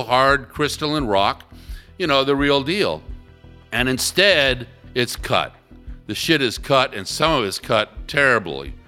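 Guy telling a wild story, blunt and animated, bright edgy voice. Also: mid-range voice. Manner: animated, blunt, swears freely. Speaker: interviewee. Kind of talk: casual storytelling.

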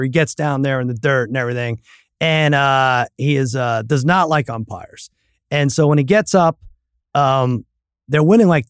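A man co-hosting a casual podcast, telling stories with animated outbursts and acted-out quotes. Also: medium pitch, no room sound, studio quality. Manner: animated storyteller, acts out loud outbursts. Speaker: co-host.

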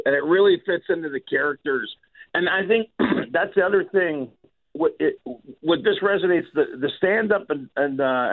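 A man comedian talks loosely on a radio show, circling his points and clearing his throat again and again. His voice sits a little high. The sound is thin and tinny, like a phone line. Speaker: comedian guest. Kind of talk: casual radio chat.

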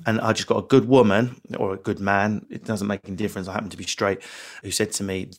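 Guy in his 40s or so, deepish voice, telling stories fast and jokey, mocking himself. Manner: animated, quick, self-mocking delivery with swooping pitch. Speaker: comedian guest. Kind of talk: candid interview storytelling. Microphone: remote interview mic.

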